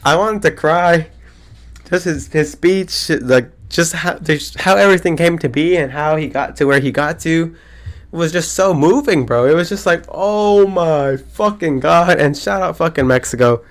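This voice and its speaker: A male solo podcaster of about twenty, with a voice on the high side at normal speed, chats casually and excitedly. He rambles, leans heavily on slang, and swears a lot.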